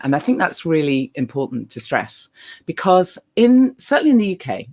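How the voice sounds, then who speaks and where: A woman's voice: extremely low pitch, darkish tone. A middle-aged woman giving a candid motivational stage talk, earnest, with frequent ums. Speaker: speaker and holistic living author.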